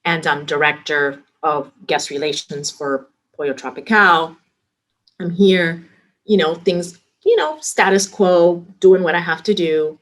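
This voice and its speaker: A middle-aged woman, a restaurant executive, telling lively work anecdotes in a casual interview and acting out the dialogue she quotes. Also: on the low side, unhurried.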